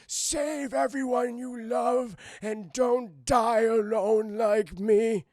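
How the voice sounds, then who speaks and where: A man's voice: very high-pitched, fairly even intonation, slow, a little mellow, no room sound, pitched above the performer's own voice. A man doing a grumpy dying grandpa. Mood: solemn dramatic. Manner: gruff, profane, then grandly solemn.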